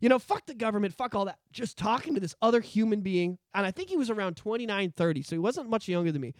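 A man's voice: sits high, expressive, quick pace, no echo, studio quality. A man, hosting a podcast and telling rambling, profanity-laced stories in casual chat. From Canada. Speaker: podcast host.

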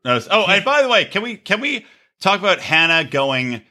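A man hosting a podcast, ranting profanely and mocking reality TV stars with quick impressions. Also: sits high, big pitch swings, sharp tone. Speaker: podcast host. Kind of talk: profane comedic rant.

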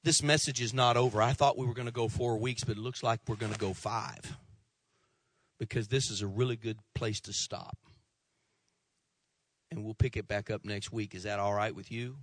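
A male pastor preaching a sermon to his church, impassioned at first, then soft and pleading as he calls people forward. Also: fairly low pitch, steady tone, normal speed, no echo. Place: church sanctuary.

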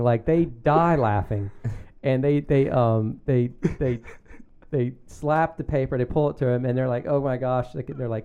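Laughing storyteller man, mellow voice. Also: mid-range voice, moderate pace, smooth, highs cut off. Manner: animated, laughing storyteller with many fillers. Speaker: guest, magazine founder. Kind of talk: casual storytelling.

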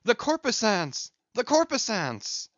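A man's voice: mid-range voice, expressive, measured pace, no room sound, highs cut off. Starbuck, a man voicing an urgent first mate. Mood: alarmed. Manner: urgent, shouted warnings. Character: Starbuck, anxious earnest male first mate.

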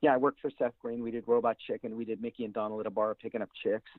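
A man's voice: medium pitch, flat delivery, racing. A man, a voice actor guest, talking casually in an interview, rambling with many fillers and restarts. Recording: tinny dry phone line.

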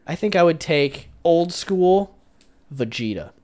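A young man in a loose, casual chat, ribbing his co-host with a teasing edge. His voice sits a little high and swings widely in pitch. He often lets phrases fade off quietly. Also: lively intonation, takes it slowly.

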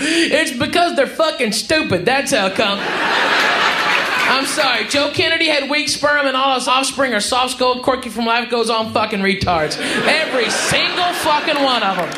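A male stand-up comedian performing a brash, profane, mocking set on a comedy club stage, shouting his punchlines. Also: extremely high pitch, expressive, normal speed. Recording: live club recording, roomy, crowd noise. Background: audience laughter.

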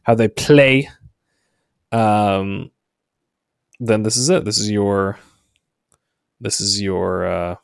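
A man's voice: fairly low pitch, fairly even intonation, takes it slowly, vocal fry, long pauses, clear, resonant tone, no echo, studio quality. A man hosting a casual chat show, laughing often and hesitating with fillers. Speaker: podcast host.

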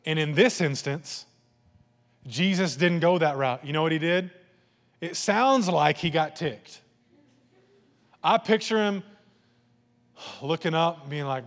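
A man preaching a lively, conversational sermon, slipping into playful voices and asides. His voice sits a touch high and rings out with a long reverb tail, as in a large hall. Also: a little slow, long pauses. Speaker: pastor.

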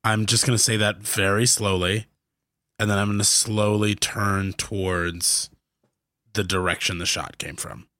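A man's voice: fairly low pitch, little pitch movement, a little slow, pushed and bright, no room sound, clean studio sound. A man playing a tabletop game, methodical and full of clarifying questions. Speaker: player.

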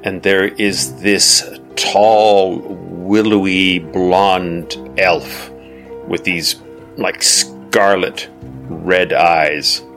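A man narrating as game master for a tabletop game, slow and halting with many fillers. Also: deep voice, fairly even intonation, fairly bright tone, soft background music.

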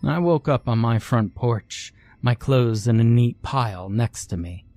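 A man narrating a first-person horror story in a measured, scripted way. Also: medium pitch, animated, dark tone, no room sound, faint music behind.

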